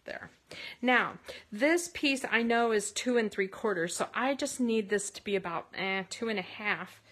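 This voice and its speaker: A woman hosting a casual card-making tutorial from her craft space, chatty and rambling, with bursts of excitement. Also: medium pitch, a little slow.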